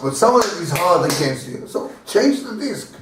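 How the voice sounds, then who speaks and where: A man's voice: high voice, moderate pace. Rabbi guy giving a casual torah class, repeats himself a lot, far off mic in a big echoey room. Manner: animated, repeats words, acts out little dialogues with laughs. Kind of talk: informal Torah lesson.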